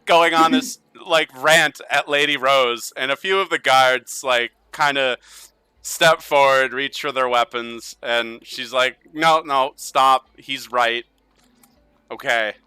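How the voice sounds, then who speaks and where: A man's voice: medium pitch, fairly even intonation, measured pace, pushed and bright, clear, resonant tone, no echo. A man narrating a tabletop game as game master, casual and laughing often.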